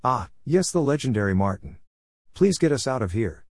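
A man's voice: medium pitch, very animated, normal speed, dry recording, clean studio sound, pitched above the performer's own voice. A man reading as a firm, urgent dad. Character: commanding father of the family.

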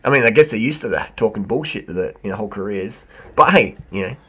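Husky ranting man. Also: lowish voice, fast talker. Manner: animated, sarcastic ranting. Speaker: bike shop owner and video host. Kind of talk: reaction commentary.

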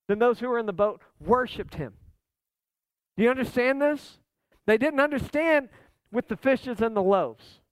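A man's voice: extremely high pitch, no echo. A man preaching a sermon, his delivery impassioned, rising and falling as he acts out scripture. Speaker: pastor.

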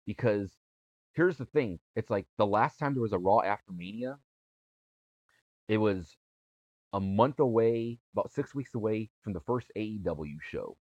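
A man with a lowish voice chats casually as a podcast co-host, often circling back and restarting his thoughts. The recording is dry and a bit dull, with little room sound. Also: animated, unhurried, a little mellow, dry recording. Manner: rambling, restarts sentences. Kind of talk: casual chat.

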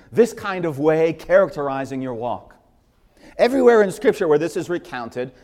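A man's voice: fairly high pitch, darkish tone. A man preaching a sermon as pastor, impassioned and driving his points home with repeated phrases, in a church sanctuary. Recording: long hall reverb.

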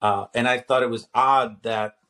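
A man's voice: mid-range voice, fairly even intonation, moderate pace, pushed and bright. A man in his fifties who teaches at a seminary, telling a story in casual conversation, restarting sentences and quoting himself and others.

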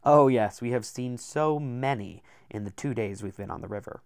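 A man voicing a sharp-tongued, sarcastic woman in an audiobook. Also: mid-range voice, moderate pace, dry recording, clean studio sound, lightly acted. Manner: sarcastic, cutting.

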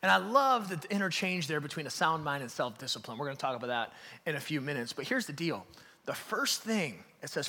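Preaching a sermon in a big church hall, a man with a fairly high voice speaks briskly, recounting stories with animation and sinking to near-whispers for emphasis. Long reverb from the hall trails his words.

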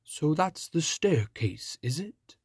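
A bold young prince from a fairy tale speaks eagerly at a slow pace, voiced by a man reading the story. The voice is a little husky and dry. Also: a little high, big pitch swings, darkish tone, no echo, voice pushed up, heavily acted.

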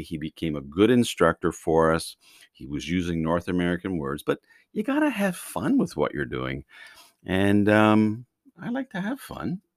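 A man's voice: low-pitched, dry recording, studio quality. A man from Canada hosting a podcast, telling driving instructor stories in a chatty, playful way. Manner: chatty storytelling with restarts and playful asides. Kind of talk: casual monologue podcast.

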